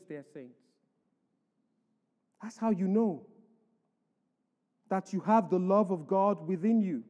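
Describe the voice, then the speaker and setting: High-voiced preacher in an echoey church. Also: male voice, warm tone. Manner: emphatic preaching, reads scripture aloud. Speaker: pastor. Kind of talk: sermon. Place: church hall.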